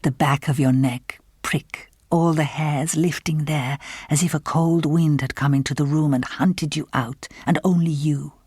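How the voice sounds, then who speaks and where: A woman reading the part of a haunted, secretive middle-aged man in an audiobook, speaking in a slow, hushed whisper. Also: sits low, fairly even intonation, slightly rough, dry recording, studio quality. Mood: hushed, uneasy.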